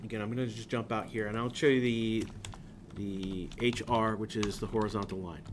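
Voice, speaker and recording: A man's voice: lowish voice, steady tone, moderate pace, background noise. A man from southern New England teaching a class, talking in a loose, rambling way that drifts off on tangents. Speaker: instructor. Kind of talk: classroom lecture.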